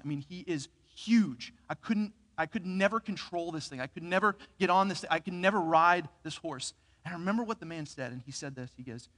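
Guy preaching in a church, story-telling, kinda high voice, echoey hall. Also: fast. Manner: storytelling, animated and earnest. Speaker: pastor. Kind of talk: sermon. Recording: reverberant hall.

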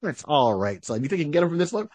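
A man doing a calm, chatty dad. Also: on the high side, rapid-fire. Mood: casual. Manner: relaxed, chatty. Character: calm, casual father out hunting with his son.

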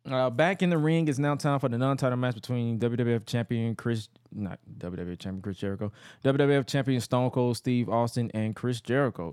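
A man co-hosting a podcast, casually recapping an old wrestling show, animated and laughing often. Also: a little fast, hardly any pauses, clear, resonant tone, no room sound, studio quality. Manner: animated storyteller, laughs often, jumps into high mocking voices for quotes. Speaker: podcast co-host.

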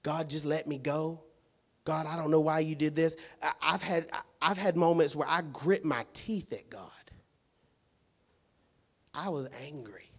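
A man preaching a sermon in a colloquial, emphatic way, dropping to quiet asides and rising to loud, shouted points full of rhetorical questions. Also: on the high side, measured pace.

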